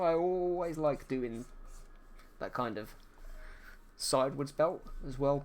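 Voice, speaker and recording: Painting on a livestream, a man with a medium-pitched, darkish voice jokes around and reads his viewers' chat aloud. He's an artist keeping the conversation casual and playful.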